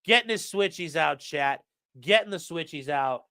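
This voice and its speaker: A man's voice: a little high, lively intonation, normal speed, bright, forceful tone, clean tone. A man putting on a hyped male wrestling-ring announcer voice, drawing out his words.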